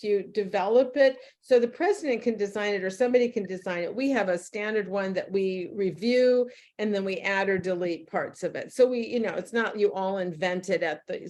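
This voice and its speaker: A woman's voice: mid-range voice, a little mellow. A middle-aged woman presenting a leadership workshop, chatting casually and telling stories with quoted dialogue. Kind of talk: casual talk to a group.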